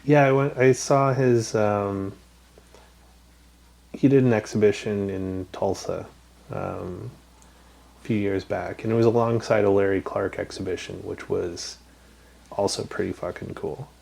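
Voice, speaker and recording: A man's voice: lowish voice, fairly even intonation, measured pace, gravelly, pauses often, a little mellow. A man from Canada hosting a casual podcast chat, telling rambling stories with lots of ums and swearing. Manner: rambling storyteller, swears freely, many ums. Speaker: podcast host.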